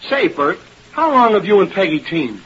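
A teasing backstage busybody with a husky, fairly high voice. He sounds breezy. It is a muffled old radio recording. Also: very animated, moderate pace, fairly bright tone, full character voice. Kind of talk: 1930s radio acting.

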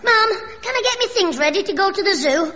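A man playing a cheeky, mischievous schoolboy with a very high, boyish voice, in 1960s radio sitcom style. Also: animated, sharp tone, exaggerated voice. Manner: cheeky, quick backchat. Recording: muffled old radio recording, long reverb, hiss.

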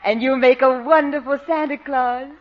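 A woman's voice: high voice, fairly even intonation, normal speed, very noisy, lightly acted. An actress playing a sweet, coy girlfriend cooing pet names in a 1940s radio sitcom. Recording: dull old radio recording.

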